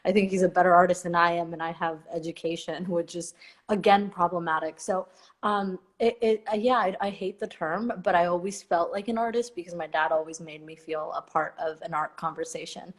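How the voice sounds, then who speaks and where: A woman's voice: lowish voice, brisk. A woman from Napa, California, telling a story as a guest artist in a casual conversation, with lots of fillers and restarts. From Napa, California, USA. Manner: animated, laughs often, lots of fillers and restarts.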